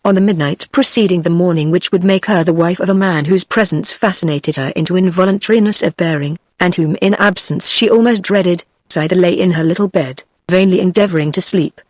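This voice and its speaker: A text-to-speech woman's voice with a British English accent, reading a classic novel aloud in even, steady narration. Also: lowish voice, brisk, hardly any pauses, dry recording. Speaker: audiobook narrator. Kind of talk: scripted narration. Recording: dry.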